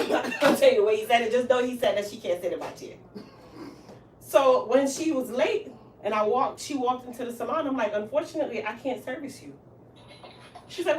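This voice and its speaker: Salon owner lady telling a story, highish voice, acts out the quotes, laughs a lot, a bit far from the mic. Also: a little fast. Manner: animated, acts out quoted lines, laughs often. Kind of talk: casual storytelling chat. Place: hair salon. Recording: roomy room, voice from off mic, faint hiss.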